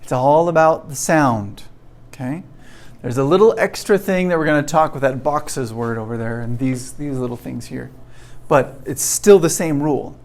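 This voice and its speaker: A man teaching a pronunciation lesson, explaining slowly and checking in often with "okay?". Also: medium pitch, darkish tone. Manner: slow, repetitive, checking in with "okay?". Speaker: English teacher.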